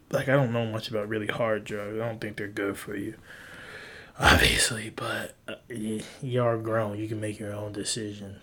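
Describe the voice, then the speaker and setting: A young adult man hosting a podcast, talking in a casual, rambling monologue. He swears freely, and his voice jumps high in disbelief. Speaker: podcast host.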